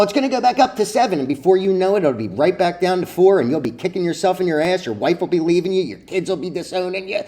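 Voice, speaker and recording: A man's voice: on the high side, dark tone. A man lecturing his viewers about trading in a blunt, profane, preachy way, full of rhetorical questions. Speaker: stock trading vlogger.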